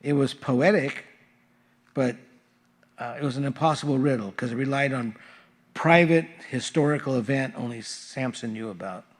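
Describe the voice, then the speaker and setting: A man's voice: mid-range voice, normal speed. A male pastor reading Bible verses aloud and explaining them in a casual, conversational sermon with frequent fillers. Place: church sanctuary.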